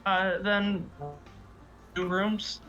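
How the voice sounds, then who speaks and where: A man's voice: high voice, little pitch movement, drawn-out words, sharp tone, muffled recording, soft background music. A man playing a tabletop game, speaking in character in short, offhand lines. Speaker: player. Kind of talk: casual tabletop play.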